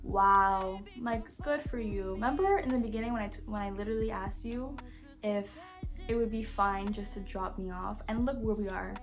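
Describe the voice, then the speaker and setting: Young woman, casual storytime vlog, blunt and animated, mid-pitched voice, faint music behind. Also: brisk. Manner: animated, blunt, heavy use of "like" and "literally". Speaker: YouTuber.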